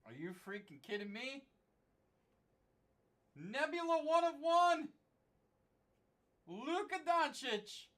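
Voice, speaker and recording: A man hosting a live card break stream, shouting excited hype as cards are pulled. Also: very high-pitched.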